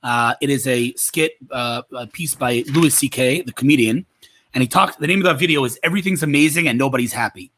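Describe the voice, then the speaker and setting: A man speaking as a podcast guest, telling a story with animated enthusiasm. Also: medium pitch, a little fast, a little hiss or hum. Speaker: podcast guest, tech marketer. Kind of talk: conversational interview.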